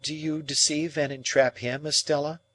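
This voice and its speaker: A man's voice: fairly high pitch, little pitch movement, moderate pace, bright, forceful tone, voice pushed up. A man voicing an earnest, pleading young man. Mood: insistent.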